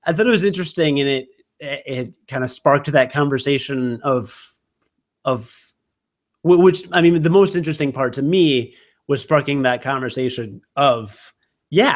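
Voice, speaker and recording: In a medium-pitched, expressive voice at normal speed, a male podcast co-host talks casually. He meanders, pokes fun at himself and uses many fillers.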